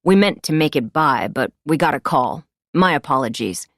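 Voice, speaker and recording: Audiobook: woman reading a weary, dutiful detective, formal "ma'am" manner, low-set. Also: animated, normal speed, a bit bright, no room sound, studio quality, exaggerated voice. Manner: formal, deferential, says ma'am. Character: polite weary male police detective.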